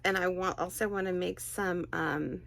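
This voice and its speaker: A woman crochet vlogger chatting excitedly as she unboxes birthday gifts, gushing and exclaiming often. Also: lowish voice, moderate pace, vocal fry.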